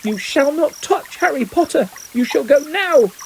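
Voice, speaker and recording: A man voicing a small, excitable male house-elf who talks about himself in the third person. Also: extremely high pitch, a little slow, gravelly, a little hiss or hum, voice pushed up, heavily acted, low-quality recording. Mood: fierce.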